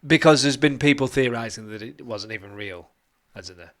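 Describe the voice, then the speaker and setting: A man's voice: mid-range voice, moderate pace, fairly bright tone. A man co-hosting a podcast, chatting in a gossipy way and laughing often. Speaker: podcast co-host. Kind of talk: casual chat.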